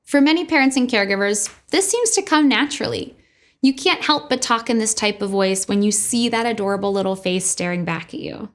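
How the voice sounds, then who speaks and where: A woman speech-language pathologist giving a scripted educational presentation in an upbeat, clear manner. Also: mid-range voice, brisk.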